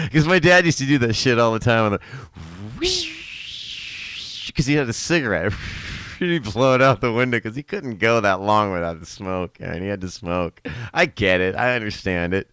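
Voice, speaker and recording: Rambling through family anecdotes for a live stream, a middle-aged man laughs a lot and keeps correcting himself. His voice is lowish and a bit bright with lively intonation and a moderate pace, captured in a clean tone with no echo.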